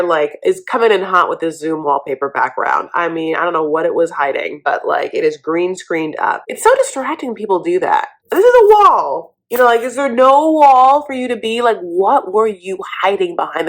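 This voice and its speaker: A woman hosting a reality TV recap with sassy, gossipy commentary, tossing in "honey" a lot. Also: lowish voice.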